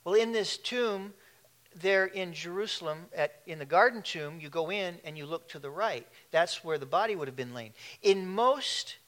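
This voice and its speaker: A man's voice: high-pitched, expressive, normal speed, fairly bright tone. A man preaching a sermon in a conversational way, with asides and questions to the congregation. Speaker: pastor.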